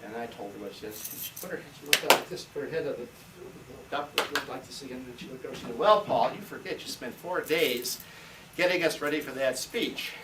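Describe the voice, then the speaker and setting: A man's voice: mid-range voice, a little fast. An older man, a retired history teacher, telling long rambling anecdotes on a school tour and acting out the voices of the people in them. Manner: rambling anecdotal storyteller, acts out quoted voices. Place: school classroom, indoors. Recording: roomy, distant, noisy camcorder sound.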